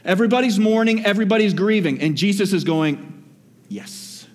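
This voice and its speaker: A man preaching a sermon to his church, swinging between rising exhortation and hushed, low asides. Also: quick pace. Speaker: pastor. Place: church hall. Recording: long hall reverb.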